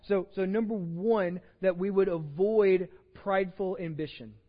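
Texan pastor guy preaching, kinda high voice, church echo, muffled recording. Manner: conversational, repeats words and restarts, jokes with the congregation. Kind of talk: sermon. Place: church sanctuary with long reverb. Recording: dull lo-fi sermon recording in a reverberant church.

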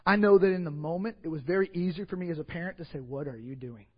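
A man with a Texas accent, a pastor telling a story in a sermon, animated, swinging between hushed asides and loud bursts. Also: high-pitched, rapid-fire. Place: church sanctuary. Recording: dull, lo-fi church hall recording with long reverb.

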